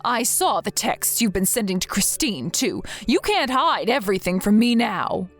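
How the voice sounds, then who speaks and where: A woman reading the messages of a worried, stern grandmother in a text-message story, with soft music behind her. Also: medium pitch, big pitch swings, normal speed. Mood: accusing. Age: older. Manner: firm, scolding.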